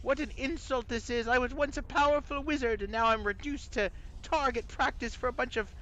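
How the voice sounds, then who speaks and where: A man's voice: very high-pitched, steady tone, brisk, bright, forceful tone, voice pushed up, low-quality recording. A man voicing a fussy, self-pitying floating skull who was once a wizard, with a British accent and a whistle on his s sounds. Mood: indignant. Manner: whiny, fussy, complaining.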